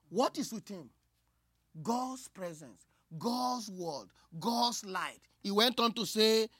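A woman preaching a sermon, moving from hushed asides to loud, cried-out lines. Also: medium pitch, slow, breathy edge, no echo, clean studio sound. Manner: expressive, swings from hushed asides to loud cries.

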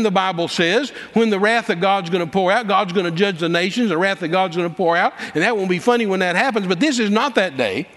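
A man preaching a story in a folksy, dramatic way, with repeated words and shouted quoted lines. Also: sits high, expressive, fairly quick. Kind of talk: storytelling sermon. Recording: long hall reverb.

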